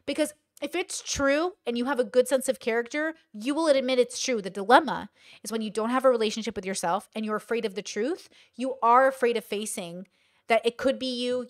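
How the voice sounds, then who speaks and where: A woman's voice: fairly high pitch, no room sound, clean studio sound. Emphatic woman, blunt commentary host. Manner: emphatic, blunt, acts out quoted voices; swears casually. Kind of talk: casual commentary.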